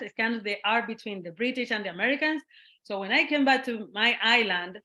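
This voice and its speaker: A guest artist from Cuba speaks with a Cuban Spanish accent in a casual interview, animated and laughing often as she acts out the voices she quotes. Her pitch is fairly high and she talks fairly quickly.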